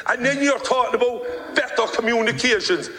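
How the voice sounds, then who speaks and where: Fiery Irish politician booming in a hall. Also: male voice, fairly quick. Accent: Irish, Cork. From Ireland. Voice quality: fiery, hectoring, loud. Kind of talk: impassioned parliamentary speech. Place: parliament chamber. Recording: echoey hall with long reverb.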